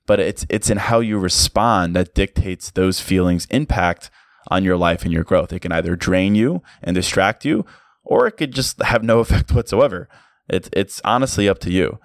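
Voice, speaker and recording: A man's voice: low-pitched, no room sound, studio quality. A man hosting a solo podcast, talking casually and reflectively, with lots of "like" fillers. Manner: casual and reflective, many "like" fillers, light laughs. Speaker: podcast host. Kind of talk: solo motivational podcast talk.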